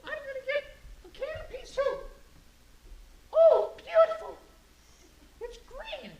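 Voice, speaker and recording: A woman's voice: very high-pitched, expressive, normal speed, highs cut off. A woman acting a mother in an amateur church skit, theatrical and laughing through her lines. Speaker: youth group performer playing a mother. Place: church hall. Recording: echoey hall, faint noise.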